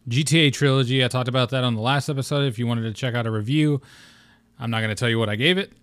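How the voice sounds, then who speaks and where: A man's voice: mid-range voice, fairly even intonation, quick pace, fairly bright tone, no echo. A young man hosting his own gaming podcast solo, talking in a rambling, laid-back way and swearing casually. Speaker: podcast host.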